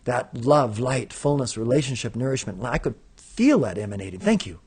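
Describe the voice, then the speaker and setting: A man leading a live spiritual invocation session, chanting decrees in rhythmic, repeated lists and dropping into relaxed asides to listeners. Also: medium pitch, normal speed, slightly rough. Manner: rhythmic, incantatory, repeating lists with rising emphasis.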